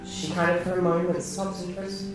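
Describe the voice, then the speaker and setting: A woman's voice: fairly low pitch, flat delivery, normal speed. A woman with an Australian accent narrating a tabletop game as game master, in a loose, rambling way. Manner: loose and rambling, frequent restarts. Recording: distant roomy sound with background music.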